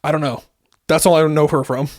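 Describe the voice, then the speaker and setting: A man's voice: on the high side, steady tone, brisk, darkish tone. A man co-hosting a casual podcast chat, playful, laughing often and tossing in dry asides. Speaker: podcast co-host.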